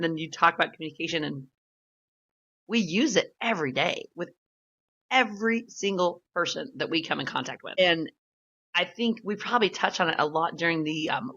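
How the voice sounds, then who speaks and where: A talkative woman co-host in easygoing podcast chat. Her voice sits a little low yet sounds bright and forward, and she laughs easily. The recording is somewhat muffled and lo-fi. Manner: chatty, laughs often, retells stories with quoted voices. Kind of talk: casual chat.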